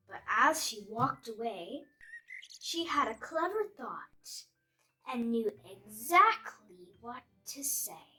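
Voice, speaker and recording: A woman reading a rhyming children's storybook aloud in a slow, expressive, sing-song way. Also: on the high side. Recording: voice a bit distant, faint music behind.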